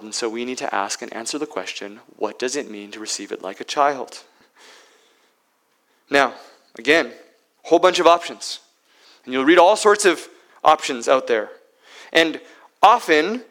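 A man preaching a sermon as pastor, swinging between loud emphatic peaks and hushed, near-whispered lines. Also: mid-range voice, rough recording.

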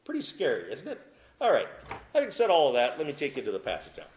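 A man preaching a sermon as pastor, swinging from loud emphatic peaks to low quiet asides, in what sounds like a church. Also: wildly swooping pitch, quick pace, a little hiss or hum. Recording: echoey room.

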